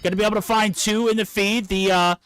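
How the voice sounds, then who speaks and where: A man giving esports play-by-play commentary with quick, excited calls on a headset mic. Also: sits high. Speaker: esports caster. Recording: game sound effects under the voice.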